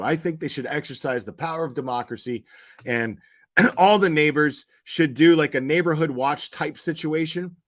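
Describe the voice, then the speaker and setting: A man's voice: fairly high pitch, a bit bright. A man hosting a commentary channel, talking casually and profanely, rambling and answering his chat.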